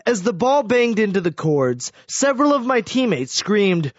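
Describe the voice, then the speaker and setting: A man reads a first-person story as audiobook narration, with animated, expressive delivery. His voice is high and swings widely in pitch. The recording is dry with no room sound and somewhat dull in tone. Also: normal speed, no room sound.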